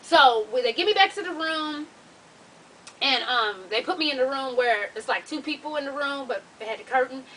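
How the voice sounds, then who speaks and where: A woman vlogger telling a story to her viewers in casual, profane talk, animated and laughing as she goes. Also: high voice, moderate pace. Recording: distant mic with faint hiss.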